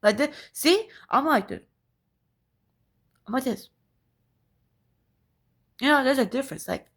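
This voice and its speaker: Woman, raspy, gravelly, profane ranting monologue, repetitive. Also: high-pitched, lively intonation, a little slow, pauses often. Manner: profane, emphatic, repeats phrases and asks "right?". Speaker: spiritual vlogger.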